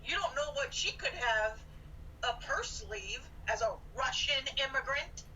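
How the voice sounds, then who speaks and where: Blunt, bright-voiced woman with faint hiss. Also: sits high, animated, measured pace, low-quality recording. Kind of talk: casual political chat.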